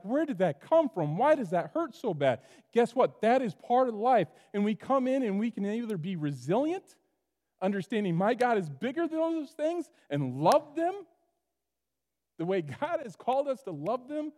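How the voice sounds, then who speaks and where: A man preaching a sermon to his church, animated, acting out the voices of the people in the story. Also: high voice, long reverb tail. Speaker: pastor.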